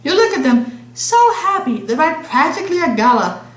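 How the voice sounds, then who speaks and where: A woman's voice: sits high, sing-song, normal speed, fairly bright tone, reverberant. A woman streamer reading a visual novel aloud with chatty asides between the lines. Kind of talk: casual game playthrough narration.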